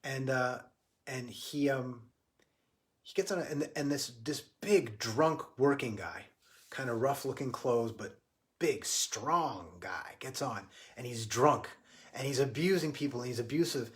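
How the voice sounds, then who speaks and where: A man giving a livestreamed spiritual talk, earnest and halting, often restarting his sentences. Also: medium pitch, lively intonation. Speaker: spiritual teacher.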